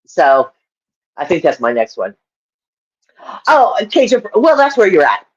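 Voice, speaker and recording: Slow, lively-voiced woman chatting with viewers. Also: lowish voice, breathy edge, highs cut off. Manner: laughs often, answers viewer comments. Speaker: livestream host. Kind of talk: casual chat with viewers.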